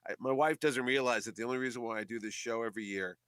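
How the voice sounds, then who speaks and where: A man who organizes a comic convention, chatting casually in a radio interview and telling animated stories. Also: medium pitch, quick pace, no room sound. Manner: chatty storyteller, animated quoting of others.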